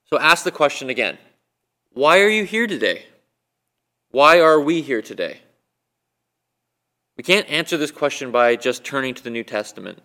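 A man's voice: medium pitch, lively intonation, normal speed, pushed and bright. A man preaching a sermon in a conversational way, asking his listeners a string of questions. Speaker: guest preacher. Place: church, recorded for online viewing.

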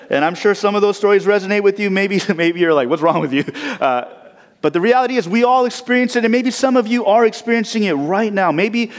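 A young man from Southern California preaching a sermon in a conversational, personal way, with rhetorical asides to the congregation. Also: a little high. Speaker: pastor. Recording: long hall reverb.

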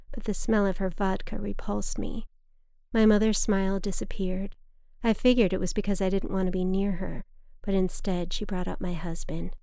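A woman reading her own personal essay aloud in a calm, wry, measured way. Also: mid-range voice, gravelly, no room sound, clean studio sound. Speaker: storyteller.

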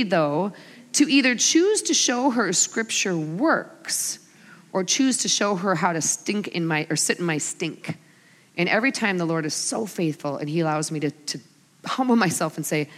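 Lively woman preaching in a reverberant hall. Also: fairly low pitch, moderate pace. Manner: animated storyteller, voices her family in quotes. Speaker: women's ministry speaker. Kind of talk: sermon with humorous stories.

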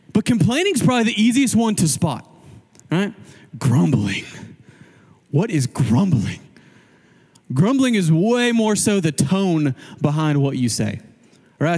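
A male pastor preaching a sermon in a casual, animated way, acting out quoted voices as he goes. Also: a little high, measured pace, pauses often, in a large hall.

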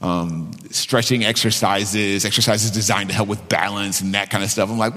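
A man's voice: lowish voice, lively intonation, moderate pace, a bit bright, big-room sound. A male pastor preaching a sermon in a conversational way, repeating phrases and restarting sentences.

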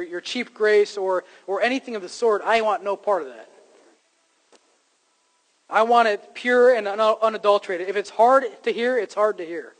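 A man's voice: high-pitched, rough recording. A man preaching a sermon to his congregation, in a conversational style that rises to emphatic points. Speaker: pastor.

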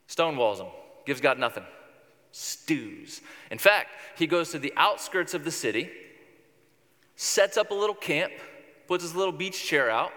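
A man's voice: on the high side, bright, forceful tone. Wry man preaching in a reverberant hall. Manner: conversational, wry storytelling. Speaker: pastor. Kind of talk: sermon.

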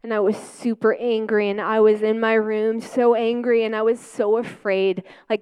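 A woman pastor preaching a personal testimony, telling stories with lively acted-out quotes and easy laughs. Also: on the high side, moderate pace, hardly any pauses, clean tone. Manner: animated storytelling, acting out quotes.

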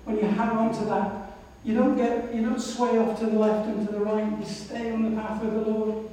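A woman's voice: medium pitch, flat delivery, normal speed, mellow, a little hiss or hum. A woman missionary giving a sermon, telling her own story in a reflective way. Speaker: missionary speaker. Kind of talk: sermon with personal testimony. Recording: echoey hall from far off.

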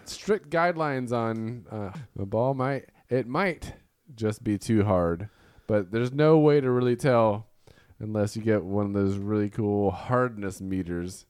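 A man's voice: on the low side, a little slow, a little mellow, smooth, dry recording, clean studio sound. A man hosting a casual podcast, playful and rambling, with a slightly nasal voice. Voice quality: a little nasal. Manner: playful, theatrical intro, rambling with fillers. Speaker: podcast host. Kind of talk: casual chat.

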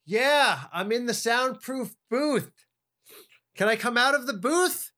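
A man voicing a meek man shut inside a courtroom soundproof booth, talking in a small, high, pleading voice. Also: expressive, slow pace, bright, forceful tone, heavily acted.

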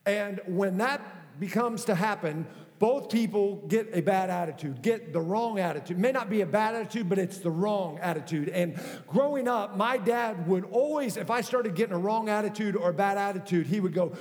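High-voiced pastor preaching in a hall. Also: male voice, moderate pace. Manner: conversational, animated preaching with acted-out quotes. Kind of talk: sermon. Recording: hall reverb.

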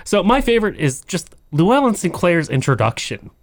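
Animated man co-hosting a podcast. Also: sits high, brisk. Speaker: podcast co-host. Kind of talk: casual chat.

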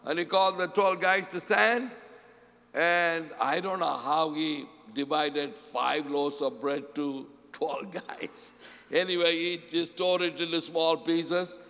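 A man preaching a sermon, often asking the congregation "Amen?", acting out quoted voices and swinging between loud and soft. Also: on the high side. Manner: call-and-response, repeats "Amen?" often. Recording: long hall reverb.

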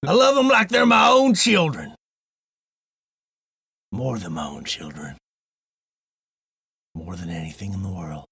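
A man voicing a gruff grown cowboy outlaw in a comedic podcast impression, drawling with exaggerated bluster. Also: sits low, lively intonation, unhurried, pauses often, a bit bright, slight background noise, pitched below the performer's own voice, heavily acted. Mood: mock indignant. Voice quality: gravelly, raspy.

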